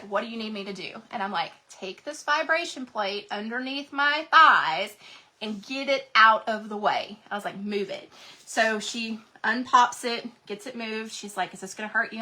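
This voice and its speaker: A woman's voice: on the high side, bright, forceful tone. A woman, chatting casually and folksily with her viewers while she crafts. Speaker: craft livestream host.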